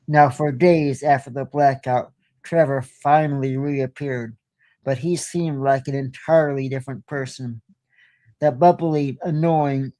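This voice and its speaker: A man tells a horror story as host of his own show, unhurried and deliberate, with the odd stumble. His voice is mellow and of middling pitch. The sound is dry and close to the mic. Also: no room sound. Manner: slow, deliberate telling with small stumbles.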